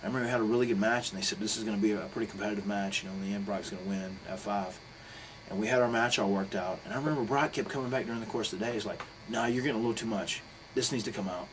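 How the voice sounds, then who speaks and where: A middle-aged man telling a story in a casual interview, swearing freely and acting out quotes with sudden loud bursts. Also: on the low side, fairly even intonation, rapid-fire, slight background noise, poor audio.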